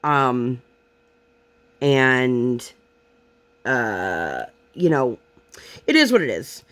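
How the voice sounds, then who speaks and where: A woman's voice: extremely low pitch, big pitch swings, drawn-out words. A young woman, a mother from Pennsylvania, chatting casually about her day, retelling it with frustration and lots of fillers. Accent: Pennsylvania American. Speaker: vlogger and mother. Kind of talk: casual storytelling chat while crafting. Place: home craft table.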